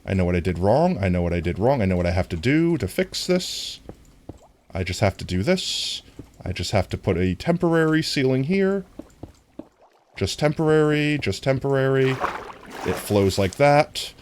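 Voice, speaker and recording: A man's voice: medium pitch, big pitch swings, normal speed, darkish tone, a little hiss or hum. A man streaming a game, chatting casually with his viewers, with a somewhat nasal voice. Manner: chatty, talks to viewers while playing. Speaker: livestreamer.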